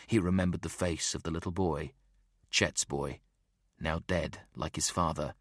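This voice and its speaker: Male audiobook narrator, deep and measured, dry close recording. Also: steady tone, dry recording. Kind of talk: scripted narration.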